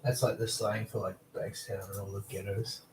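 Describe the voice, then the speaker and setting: A man's voice: fairly low pitch, little pitch movement, normal speed, slight background noise. Laid-back man chatting casually, roomy and distant. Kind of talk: casual chat.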